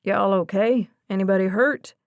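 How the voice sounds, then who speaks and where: A woman's voice: mid-range voice, moderate pace, gravelly, no echo, clean studio sound, lightly acted. A woman voicing a serious male detective with a Southern US accent, in an audiobook. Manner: serious, clipped.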